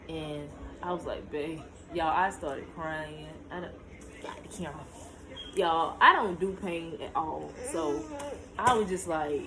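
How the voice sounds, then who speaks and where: A young woman recounts her own story in a casual home vlog, talking straight to her viewers. Her pitch jumps high whenever she relives a tense moment. The camera mic picks up faint noise in the room. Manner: talks to viewers directly, shushing her child between lines. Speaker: vlogger telling a story.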